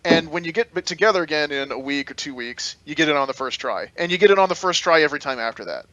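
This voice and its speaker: Man, quick speech, bright tense tone, dry close sound, casual chat, stammers. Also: fairly high pitch, animated, no echo, highs cut off. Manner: fast, stammering, easygoing talker.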